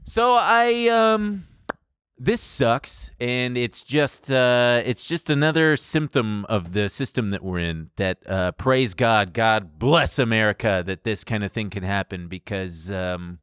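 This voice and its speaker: A man's voice: mid-range voice, lively intonation, slow pace, a bit bright, clean tone, dry recording. A man co-hosting a comedy podcast, ranting sarcastically and profanely into a close mic. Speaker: podcast co-host. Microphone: close studio mic.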